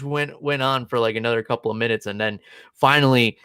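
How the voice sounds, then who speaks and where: A man's voice: mid-range voice, steady tone, a little fast, bright, forceful tone, clean tone, no room sound, clean studio sound. Amused man telling a rambling story. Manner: amused, rambling anecdote with frequent chuckles. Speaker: podcast co-host. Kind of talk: casual storytelling chat.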